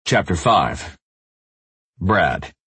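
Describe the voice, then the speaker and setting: Deep, husky male audiobook narrator. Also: big pitch swings, very slow, fairly bright tone, no room sound. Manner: voices characters by raising his pitch. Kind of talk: first-person audiobook narration.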